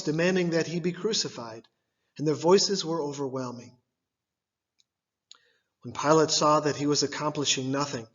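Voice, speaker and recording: A man giving a liturgical scripture reading, delivered in measured phrases, one at a time. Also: fairly high pitch, highs cut off. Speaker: scripture reader.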